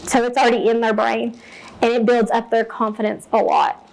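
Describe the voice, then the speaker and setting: A woman's voice: fairly high pitch, steady tone, normal speed, vocal fry, a little mellow, rough recording. A woman teacher walking fellow teachers through her reading lessons, explaining each step plainly and modeling read-alouds. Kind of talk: teacher training talk.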